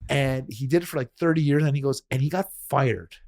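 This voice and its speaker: Man, podcast host, quick chatty delivery, mid pitch, dry close sound. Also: creaky, a little mellow, dry recording. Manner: fast, chatty, restarts and laughs. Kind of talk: casual interview chat.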